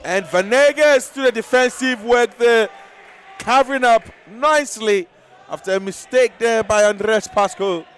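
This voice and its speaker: Excitable high-voiced male sports commentator. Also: measured pace, slight background noise. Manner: excitable, shouting at big moments, laughing often. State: losing his voice. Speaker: futsal commentator.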